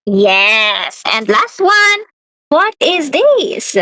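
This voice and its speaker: A young woman teaching a beginner English lesson to a child, repeating words slowly and laughing often. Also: high-pitched, big pitch swings, pushed and bright, no room sound, lo-fi sound.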